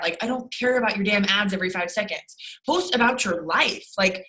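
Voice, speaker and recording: A woman's voice: medium pitch, normal speed, fairly bright tone, poor audio. Blunt, rambling young woman on a video call. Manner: blunt, swearing, rambling with many fillers. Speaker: sales team leader. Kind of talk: motivational team call.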